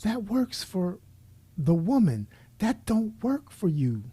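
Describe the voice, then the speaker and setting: A man's voice: sits high, sing-song, takes it slowly, dark tone, breathy edge. Blunt man giving opinion commentary. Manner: blunt and preachy, addressing his subject directly.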